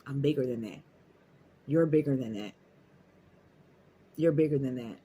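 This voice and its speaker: A motivational vlogger talks to his viewers on camera in a medium-pitched, dark, slightly rough voice at a somewhat slow pace. His casual pep talk is emphatic and repetitive.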